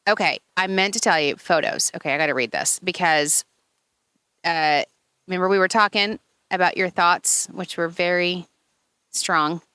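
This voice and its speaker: Bright, gushing Long Island woman. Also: moderate pace, smooth, no echo. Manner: gushing, chatty, acts out quotes in high voices. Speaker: podcast co-host. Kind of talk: casual chat. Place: outdoor garden.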